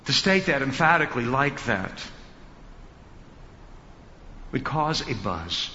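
A male pastor teaching an expository sermon, emphatic and building to loud peaks. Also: medium pitch, very animated, slow pace, pauses often, slight background noise. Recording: dull reverberant hall sound.

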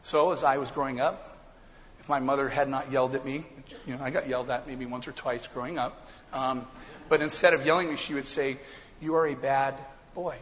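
A man preaching a sermon as pastor, swinging between quiet confiding asides and loud impassioned passages. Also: medium pitch, steady tone, brisk, long reverb tail, muffled recording, a little hiss or hum.

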